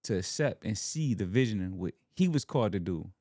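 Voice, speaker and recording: A young man from Alabama talks as a podcast guest. His voice sits low, and the recording is dry and close with no room sound. He speaks in an earnest, heartfelt way and holds back emotion as he shares personal faith. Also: lively intonation, fairly quick, mellow, no echo. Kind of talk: casual heartfelt conversation.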